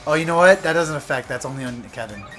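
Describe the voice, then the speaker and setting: A young man co-hosting a video game playthrough, joking crudely and breaking into shouts and laughter. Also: fairly high pitch, expressive, quick pace, faint music behind. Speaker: let's play co-host. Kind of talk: casual gaming banter.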